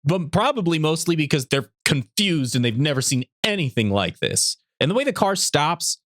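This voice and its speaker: A man co-hosting a podcast, talking excitedly and reacting strongly. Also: moderate pace, no room sound, studio quality. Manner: excitable, swoops up in pitch when enthused. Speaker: podcast co-host. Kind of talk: casual recap chat.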